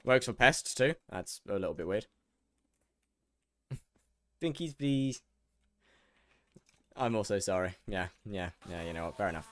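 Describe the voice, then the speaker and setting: A man's voice: low-pitched, moderate pace, pauses often, fairly bright tone. A young man from England, streaming a game and bantering sarcastically with his chat. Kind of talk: casual chat with viewers while gaming.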